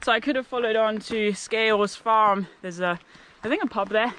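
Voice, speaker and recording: A woman's voice: a little high, normal speed, a bit bright. Chatty woman hiking outdoors. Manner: chatty, upbeat, rambling with fillers. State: groggy, tired. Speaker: hiking vlogger. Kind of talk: casual vlog to camera. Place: outdoors on a mountain roadside and trail. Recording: music playing underneath.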